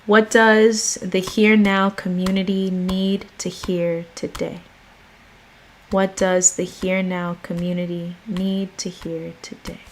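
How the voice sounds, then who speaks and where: American lady on a livestream, super unhurried, chatty and easygoing. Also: on the low side, slight background noise. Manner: relaxed, chatty, slow and drawn out. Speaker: livestream host. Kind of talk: casual livestream chat and reading aloud.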